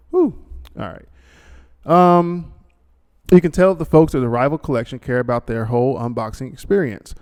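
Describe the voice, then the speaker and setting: Guy hosting his podcast, gravelly, rambling and joking with lots of uhs. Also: medium pitch, a little mellow. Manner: rambling, full of fillers and asides, ad-libs jokingly. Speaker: podcast host. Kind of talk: casual monologue with a read sponsor ad.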